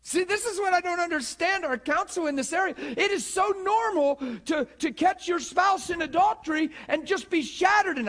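A man in his forties preaching with fervor, his voice sitting very high for a man. He throws out rhetorical question after question and acts out quoted pleas. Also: lively intonation, moderate pace, a bit bright. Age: 40s. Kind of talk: sermon.

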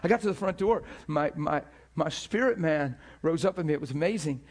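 A pastor with a fairly high-pitched voice preaches at a brisk clip, animatedly telling a personal story. He often breaks into laughter and repeats words as he goes.

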